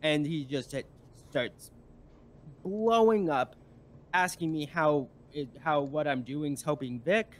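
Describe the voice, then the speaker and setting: Guy on a stream, kinda high voice, rambles, lots of likes and restarts. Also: takes it slowly. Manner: rambling, storytelling with many fillers and restarts. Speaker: guest. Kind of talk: casual stream chat.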